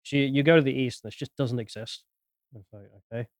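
Brief: male podcast co-host, hesitant restarts, quick delivery. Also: medium pitch, dry recording, studio quality. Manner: hesitant, restarts and trails off quietly. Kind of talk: casual chat.

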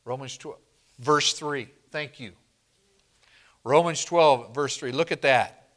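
A man preaching a sermon to a congregation, slow and emphatic, often asking the room questions and answering them. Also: medium pitch, a bit bright. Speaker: pastor.

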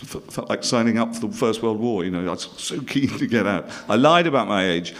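Wry British comic with a lively voice. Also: male voice, lowish voice, fairly quick. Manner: dry, self-mocking, wry asides to the audience. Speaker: comedian. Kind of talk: stand-up storytelling.

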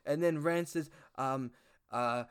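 A man's voice: on the high side, slow, clean tone. An Australian man hosting a podcast, retelling a sketch in casual, crude, rambling chat. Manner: rambling, crude, full of fillers. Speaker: podcast host.

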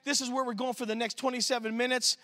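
Man, youth pastor, very high voice, sharp tone, animated church storyteller. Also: fast. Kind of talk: sermon storytelling. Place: church service.

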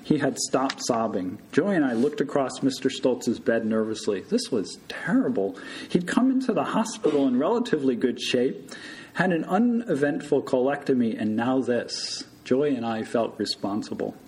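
A man, a surgical resident, telling a true story live to an audience in an unhurried manner. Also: mid-range voice, expressive, darkish tone, a little hiss or hum, rough recording.

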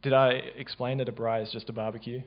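A man with an Australian accent, telling a church testimony in a casual, halting way with many fillers. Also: little pitch movement. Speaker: church member sharing a testimony. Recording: dull low-fidelity sound.

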